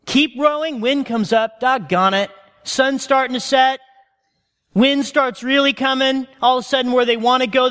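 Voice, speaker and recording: A man preaching a sermon as a pastor, telling the story in an animated way and calling his listeners friends. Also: very high voice, clear, resonant tone. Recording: long reverb of a large hall.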